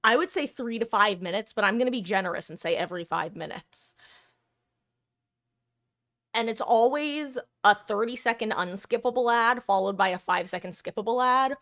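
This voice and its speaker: A woman's voice: a little high, expressive, normal speed, fairly bright tone. A woman streamer chatting casually with her viewers, rambling and correcting herself as she goes.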